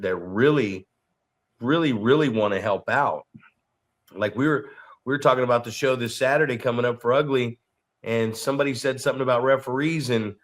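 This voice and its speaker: A man co-hosting a podcast and coaching wrestlers, telling stories in an animated way, repeating words and swearing freely. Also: medium pitch. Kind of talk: casual podcast chat.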